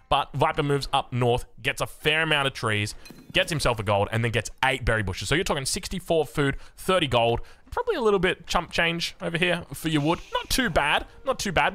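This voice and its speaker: An Australian man casts a strategy game with hyped, joking energy. His voice sits a bit high and bright, and his pitch leaps around in lively swoops. It is quick-witted esports play-by-play. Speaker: game caster.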